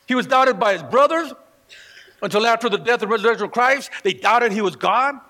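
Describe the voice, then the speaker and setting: A man preaching a sermon in church, telling stories with animated delivery and acting out the people he quotes. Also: extremely high pitch, brisk. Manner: animated storytelling, acts out quoted voices. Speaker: pastor. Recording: long reverb of a hall.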